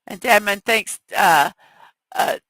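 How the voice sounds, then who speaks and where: A woman with a scratchy, hoarse voice hosts a casual morning livestream, reading viewers' chat messages aloud and talking unhurriedly. Her tone is bright, and the sound is dry and close, picked up by a headphone mic. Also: medium pitch, lively intonation, slow pace, no room sound. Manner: reads viewer chat aloud, chatty and apologetic. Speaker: morning show host.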